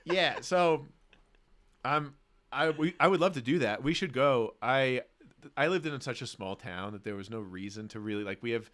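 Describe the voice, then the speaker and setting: Young male podcast co-host from Australia, smooth clear voice, easygoing banter. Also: medium pitch, moderate pace, a bit bright. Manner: upbeat, chatty, says "dude" a lot. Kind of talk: casual chat.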